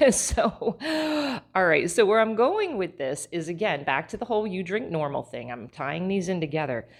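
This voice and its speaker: Podcast host, woman, middle-aged, low and frank, storytelling monologue. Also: animated, moderate pace. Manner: candid, confessional, laughs at herself.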